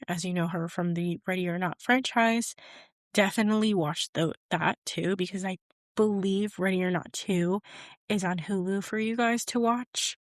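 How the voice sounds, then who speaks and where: A young adult woman hosts a podcast, recapping a film in a chatty, casual way and leaning on fillers such as "basically" and "type of thing." Her voice sits at medium pitch, and the recording is dry and studio quality.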